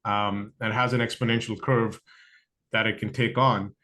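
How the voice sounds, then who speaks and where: A man's voice: lowish voice, level tone, moderate pace, pushed and bright. A man speaking as a guest in an interview, thoughtful and conversational, often restarting sentences and acting out quoted excuses. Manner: thoughtful, lots of fillers and restarts; acts out other people's quoted excuses. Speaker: podcast guest.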